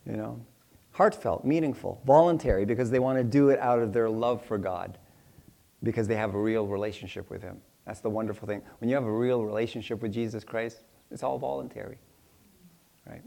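A middle-aged male pastor gives a casual, conversational Bible teaching sermon, chatty and joking as he acts out small exchanges in different voices. His voice is on the low side, gravelly and dark, and a little fast.

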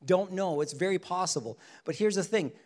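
A man with a somewhat high voice teaches from scripture in an animated sermon. He keeps it conversational and often acts out the people he quotes. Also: fairly quick. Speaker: preacher.

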